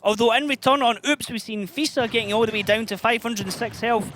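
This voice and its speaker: A Scottish man calls a live esports match, his voice pitched high and cutting through with a bright, forceful edge. He keeps the commentary brisk and upbeat, trading banter with his co-caster. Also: fairly even intonation, a little hiss or hum. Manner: brisk, upbeat play-by-play with laughs.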